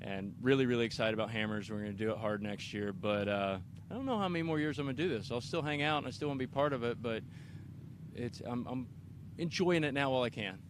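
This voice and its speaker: A man's voice: medium pitch, fast talker, background noise. A middle-aged man from Kansas, an off-road racer answering interview questions outdoors in an enthusiastic, rambling way with many restarts. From Kansas, USA. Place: outdoors at an off-road race park.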